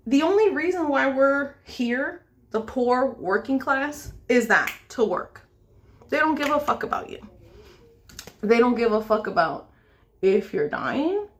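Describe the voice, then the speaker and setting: A woman's voice: high-pitched, big pitch swings, measured pace, a little hiss or hum. A woman makeup vlogger ranting angrily with lots of swearing and pleading questions while she does her makeup. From United States. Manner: angry, profane, pleading.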